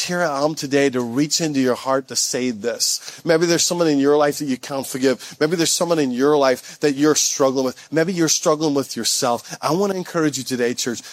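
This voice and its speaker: A pastor with a mid-range voice preaches to his church, telling stories in a conversational way. He builds to excited, rising peaks as he calls out to the congregation.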